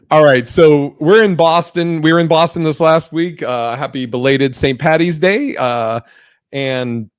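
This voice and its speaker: A man's voice: mid-range voice, no echo, clean studio sound. Profane, filler-heavy male podcast host. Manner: loose and profane, lots of fillers and restarts. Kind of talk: casual chat.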